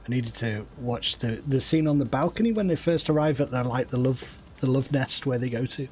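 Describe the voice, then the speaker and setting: Relaxed man streaming a game. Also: medium pitch, a little fast. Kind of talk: casual gaming livestream chat.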